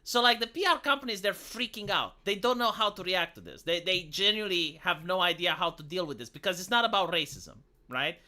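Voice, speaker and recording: High, lively, bright-voiced man. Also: fairly quick, few pauses. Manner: animated, swoops into mocking impressions. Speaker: streamer. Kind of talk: casual chat on a live stream.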